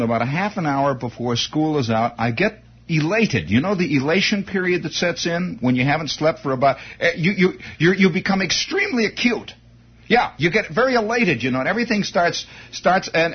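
Male storyteller, animated and digressive, swooping delivery, muffled old recording. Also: high voice. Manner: animated, digressive, breaks into laughter and sound effects. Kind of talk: rambling comic storytelling monologue.

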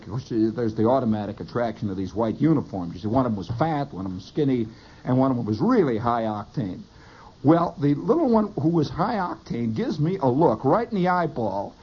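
A man telling a rambling comic story in an animated, digressive way, on a lo-fi recording. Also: on the high side, slightly rough. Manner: animated, digressive, bursts of laughter.

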